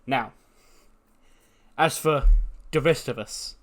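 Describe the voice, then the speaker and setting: A brash wise-guy mob boss, as a man puts him on in a game playthrough. He talks loud and pitched up, with a swaggering, boastful patter full of bluster. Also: takes it slowly. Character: brash mobster-style male family boss.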